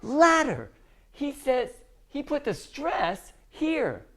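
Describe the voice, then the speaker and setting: Her voice sits in the mid range and she takes her time as she teaches an English class. Animated and emphatic, she performs small dialogues for the students.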